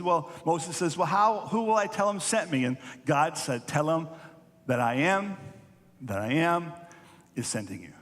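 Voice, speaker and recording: Earnest male pastor preaching in a hall. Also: on the high side. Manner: earnest preaching, repeats phrases for emphasis, rises on quoted lines. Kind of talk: sermon. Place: church sanctuary. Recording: echoey church hall.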